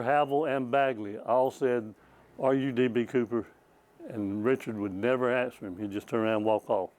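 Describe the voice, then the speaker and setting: An older man with a drawl tells a long story in a library presentation. He rambles in a folksy way, stumbling over his words and chuckling at his own tales. His pitch sits right in the middle for a man. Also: darkish tone, rough recording. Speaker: former state trooper giving a presentation. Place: small public library talk.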